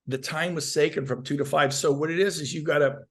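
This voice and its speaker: A man's voice: fairly high pitch, fairly even intonation, fairly quick. A man, a real estate agent guest, giving intense, fired-up sales advice on a podcast interview.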